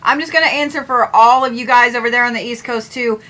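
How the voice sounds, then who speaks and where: A woman chatting casually on a livestream, grumbling and swearing, her voice swinging from loud to mumbled asides. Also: a little high, fast, poor audio. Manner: grumbling, profane, drifts between loud and mumbled. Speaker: astrology streamer.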